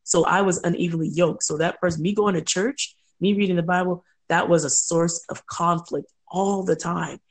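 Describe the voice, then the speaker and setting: A middle-aged woman telling personal stories as an interview guest, lively, laughing often and acting out quoted voices. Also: fairly low pitch, moderate pace, hardly any pauses. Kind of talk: conversational interview storytelling.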